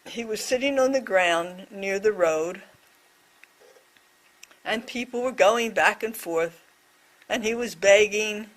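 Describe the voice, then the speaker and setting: Slow, measured woman voicing a reflection. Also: medium pitch. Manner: slow, measured, in short phrases. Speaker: voice interpreter for a deaf presenter. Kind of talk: slow spoken reflection on a scripture story.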